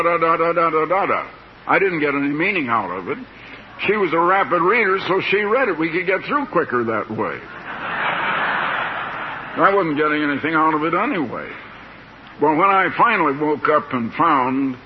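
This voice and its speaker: An older man preaching a sermon in a slow, plain-spoken, folksy way, stretching out words for emphasis. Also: fairly high pitch. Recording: dull lo-fi tape with faint hiss.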